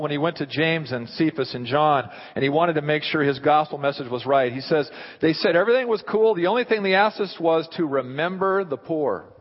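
A man preaching a sermon in an animated way, often throwing rhetorical questions at his listeners. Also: fairly high pitch. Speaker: pastor. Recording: dull sound with long hall reverb.

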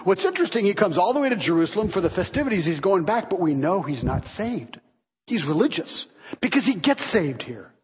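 This pastor's voice is high-pitched, brisk, and a little rough. During his sermon he tells stories with animation and performs the voices of the people in them, recorded in a dull, echoing hall.

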